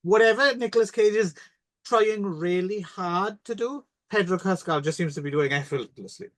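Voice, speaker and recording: A man's voice: high-pitched, normal speed, a bit bright. A man co-hosting a podcast about films, casual, loose and jokey, swearing now and then. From Canada. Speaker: podcast co-host. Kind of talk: casual film chat.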